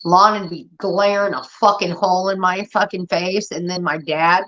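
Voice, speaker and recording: A woman's voice: on the low side, moderate pace. A woman in her thirties telling family stories in casual, profane talk, acting out her relatives. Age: 30s. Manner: profane, animated, acts out family members. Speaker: streamer. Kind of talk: casual storytelling. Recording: dull lo-fi audio.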